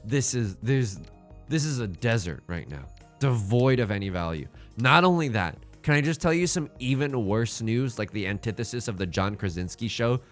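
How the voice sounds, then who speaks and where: A man's voice: medium pitch, expressive, normal speed, soft background music. A man hosting a game let's play, commenting with jokes and swinging between mock despair and hype.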